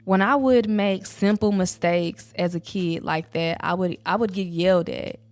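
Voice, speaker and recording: A woman's voice: lowish voice, normal speed, darkish tone. A woman and mother talking candidly about her own healing, in a casual, rambling way with many "like" fillers. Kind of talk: candid personal talk to camera.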